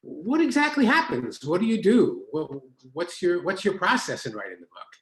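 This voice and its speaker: A man asks friendly, slightly halting questions and laughs easily. His voice sits a little high for a man. The sound rings in a roomy home studio. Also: huge pitch swings. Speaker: interviewer, author's husband. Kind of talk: casual conversation. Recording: roomy echo.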